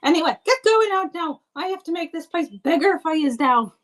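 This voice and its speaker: A woman voicing a kindly, loud, motherly village woman who fusses over her guests. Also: very high voice, animated, brisk, voice pushed up. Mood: fussing, hospitable. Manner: homely, fussing and hospitable.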